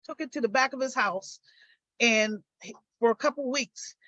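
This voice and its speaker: Older woman, guest on a live stream; high-ish voice, dry, muffled lo-fi sound. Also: moderate pace, pushed and bright, dry recording. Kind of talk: recounting her story in a live interview.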